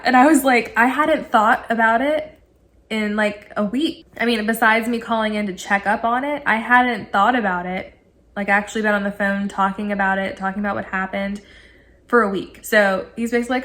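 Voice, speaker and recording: A woman in her thirties casually telling a story to camera, animated and laughing, acting out her own excited quotes. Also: medium pitch, a little fast. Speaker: vlogger.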